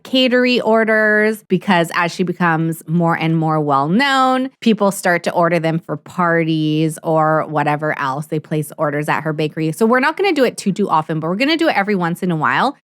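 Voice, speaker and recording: Woman let's play host, low-ish voice, excitable and chatty, close dry mic. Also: clean tone, no room sound. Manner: chatty and excitable, quick laughs and mock outrage. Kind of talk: casual gameplay commentary.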